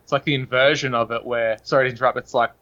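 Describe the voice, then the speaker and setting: A man's voice: mid-range voice, fairly even intonation, very fast, sharp tone, highs cut off. A man with an Australian accent, a podcast guest talking in long, earnest, opinionated runs. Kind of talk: casual podcast chat.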